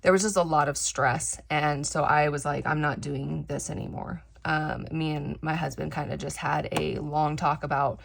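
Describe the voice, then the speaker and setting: A woman's voice: low voice, fairly even intonation, normal speed, gravelly, few pauses. A woman in her thirties chatting candidly while crafting, rambling with many fillers and restarts, her voice slightly crackly from dry air. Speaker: craft vlogger. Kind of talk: casual chat while crafting.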